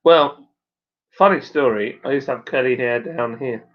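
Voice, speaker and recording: A man with a broad Suffolk accent, hosting a relaxed live stream at home and reading out viewer comments in a rambling, matey way with plenty of fillers. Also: medium pitch, normal speed. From Suffolk, England. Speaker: stream host and brewer. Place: at home by the fire. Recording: dull lo-fi sound.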